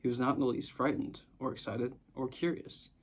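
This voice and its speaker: A man narrating a storybook chapter in a calm, measured reading. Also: mid-range voice, slightly rough. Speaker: audiobook narrator.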